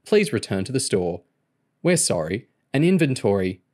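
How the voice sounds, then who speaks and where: A man voicing an automated shop alarm announcement, flat and repetitive. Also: fairly low pitch, normal speed. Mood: booming. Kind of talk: audiobook reading.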